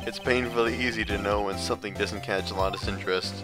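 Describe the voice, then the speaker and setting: A man's voice: fairly low pitch, steady tone, a little fast, music in the background. A man giving casual let's play commentary in mumbled, self-mocking asides.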